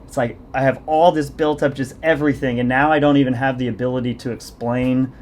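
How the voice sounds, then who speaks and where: A man's voice: medium pitch, fairly even intonation, brisk, darkish tone, slight background noise. A man hosting a podcast, a fitness coach telling long self-deprecating stories in casual conversation. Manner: rambling, self-deprecating storytelling.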